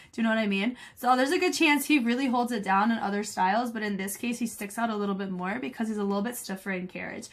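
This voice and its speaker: A woman choreographer from the United States, giving chatty, enthusiastic dance reaction commentary and scatting along to the beats. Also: fairly high pitch. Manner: scats and counts beats along with the music. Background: faint music.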